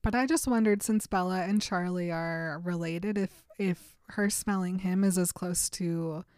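A woman's voice: on the low side, unhurried, darkish tone, smooth, no room sound, studio quality. A young adult woman co-hosting a podcast, retelling a novel in casual chat, chatty and often giggling. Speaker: podcast co-host.

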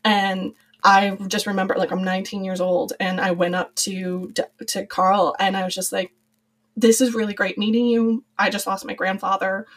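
A woman's voice: mid-range voice, little pitch movement, moderate pace. A young adult woman, a podcast guest and former cast member, talking in a chatty, rambling way with many fillers. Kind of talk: casual podcast conversation.

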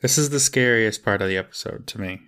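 A man co-hosting a podcast, reacting in a relaxed, casual way. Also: on the low side, fast talker, clear, resonant tone. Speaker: podcast co-host. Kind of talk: casual chat.

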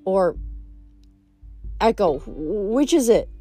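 A woman's voice: medium pitch, very animated, extremely slow, dark tone, faint music behind. A woman reading aloud, voicing a firm, impatient teenage girl who speaks sharply and insistently. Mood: exasperated, insistent.

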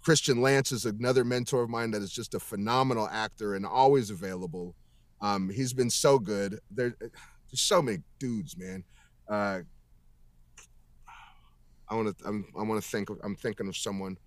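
A man's voice: lowish voice, normal speed, no room sound. Emphatic, swearing man on a video call. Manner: emphatic, profane, rambling with restarts. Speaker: voice actor guest. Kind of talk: casual interview chat.

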